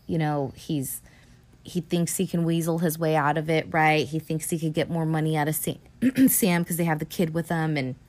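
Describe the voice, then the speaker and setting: A woman in casual podcast talk, recapping a film with loose, swearing chatter. Her voice sits on the low side for a woman, and she slips into little put-on quotes of the characters as she goes. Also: a little mellow. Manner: chatty and profane, acting out quotes. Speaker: podcast host.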